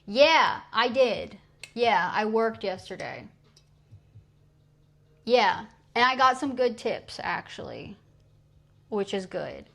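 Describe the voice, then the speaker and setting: A woman's voice: medium pitch, lively intonation, slow pace, gravelly, long pauses, fairly bright tone. A young woman streaming live, chatting casually and laughing at her own mistakes while she practices French phrases. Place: at home streaming. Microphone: streaming mic.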